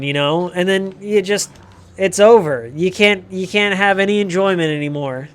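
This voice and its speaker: A man's voice: high voice, moderate pace, smooth. A man hosting a livestream who rambles through a sardonic, profane comic rant. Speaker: livestream host.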